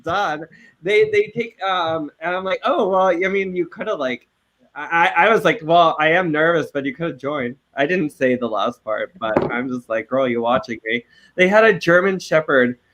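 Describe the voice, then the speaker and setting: A man in his late twenties, co-hosting a podcast and telling stories in animated, profane casual chat. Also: fairly high pitch, moderate pace, rough recording. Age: late 20s. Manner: animated, profane, laughing storyteller. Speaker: podcast co-host.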